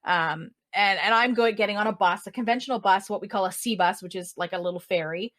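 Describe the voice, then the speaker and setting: A woman's voice: mid-range voice, fast, a bit bright. A woman, a podcast guest, chatting casually and explaining at length with asides. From Canada. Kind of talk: casual conversation.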